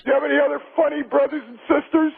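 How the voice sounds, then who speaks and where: A man joking as a radio guest, a brash, teasing storyteller with a gravelly voice. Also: very high-pitched, little pitch movement, fast talker, narrow, tinny audio.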